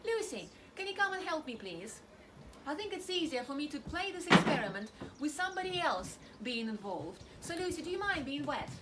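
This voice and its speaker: High-voiced woman hamming up mock worry. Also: big pitch swings, brisk, heavy background noise. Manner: playful, theatrically worried, chatty with small restarts. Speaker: children's church presenter. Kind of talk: object-lesson demonstration.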